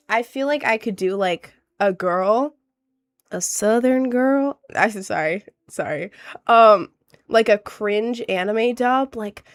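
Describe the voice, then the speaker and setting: A woman in her late teens with a cold, chatting casually on a livestream in a stuffy, slightly nasal voice, bubbly and rambling. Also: medium pitch. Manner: bubbly, rambling, quick to laugh. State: has a cold. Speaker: streamer.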